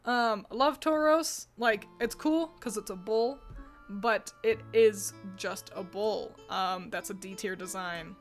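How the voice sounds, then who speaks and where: A woman's voice: mid-range voice, slow, soft background music. A woman hosting a video, giving chatty, opinionated commentary with frequent filler words. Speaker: video host ranking designs.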